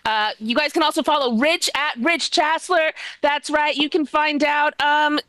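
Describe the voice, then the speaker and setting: A woman co-hosts a live comedy stream in a bubbly, chatty way, often addressing viewers as "you guys." Her voice is high and bright, and it sounds dry and close to the mic. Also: fairly even intonation, normal speed, no room sound. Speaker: co-host.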